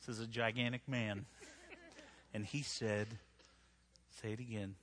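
A man's voice: on the low side, fairly even intonation, unhurried, a bit bright. A middle-aged man preaching a humorous sermon to a live church audience, joking and talking conversationally, often checking in with "right?". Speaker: pastor.

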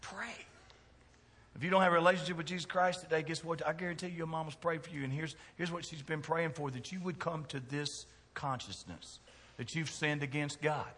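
A middle-aged man, preaching a sermon in a church with folksy jokes and big swings in loudness. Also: fairly high pitch, fairly even intonation, a little fast, big-room sound. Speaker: pastor. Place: church sanctuary.

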